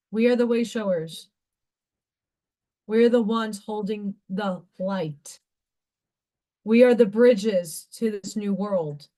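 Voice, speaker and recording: A woman hosts a casual live stream and speaks in a slow, unhurried way. Her voice sits a little high. She preaches about inner change with heated conviction and swears freely. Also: warm tone. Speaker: livestream craft host.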